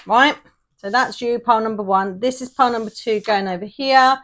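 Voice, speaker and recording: A woman's voice: on the high side, brisk, a bit bright. A woman giving a casual tarot reading, chatty and rambling, often checking in with "yeah?". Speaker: tarot reader.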